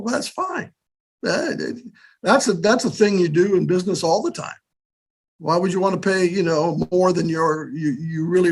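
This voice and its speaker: A man's voice: sits high, a bit bright, breathy edge. An older man giving a casual business workshop on finances, talking conversationally and checking in often with "okay?" and "right?". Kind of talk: casual instructional talk.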